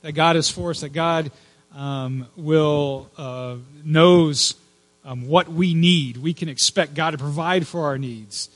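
A man preaching a sermon in an earnest, emphatic way, dropping to a hush at times. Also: a little high. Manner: earnest, emphatic with hushed pauses. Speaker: pastor.

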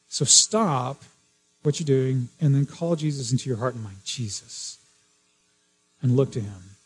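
A man's voice: on the high side, slightly rough, poor audio. A man preaching a sermon as pastor, earnest, repeating key phrases and restarting often.

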